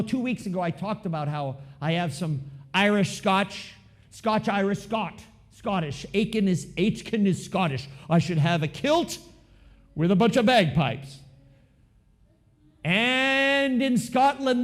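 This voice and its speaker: A man preaching to his congregation in a high, very lively voice. He keeps it conversational and keeps asking the room questions. He swings between loud emphasis and hushed asides. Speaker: pastor. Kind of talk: sermon.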